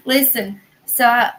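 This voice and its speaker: A woman's voice: sits high, a bit bright, poor audio. A woman with a Southern American accent hosting a casual livestream, chatting in a rambling way and answering viewers' comments. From Southern United States. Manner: rambling, chatty, heavy use of "like" and "y'all".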